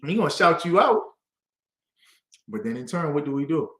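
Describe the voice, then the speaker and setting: Animated high-voiced man teaching scripture. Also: a little fast, roomy sound. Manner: lively, call-and-response, acts out quoted voices. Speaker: class teacher.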